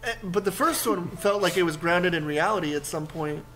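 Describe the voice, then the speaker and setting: A young man co-hosting a casual podcast, rambling excitedly and swearing a lot. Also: high-pitched, a little fast. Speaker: podcast co-host. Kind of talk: casual chat.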